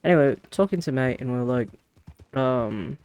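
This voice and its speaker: A man's voice: medium pitch, animated, moderate pace, dry recording, phone-quality sound. A man streaming a game, telling a rambling story in casual chat with lots of restarts.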